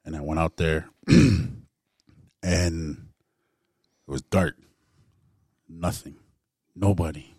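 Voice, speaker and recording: A man's voice: very deep voice, extremely slow, pauses often, a little mellow, slightly rough, no room sound, clean studio sound. A man casually telling a personal story to a group, laid back and full of "man" and "like". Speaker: guest storyteller.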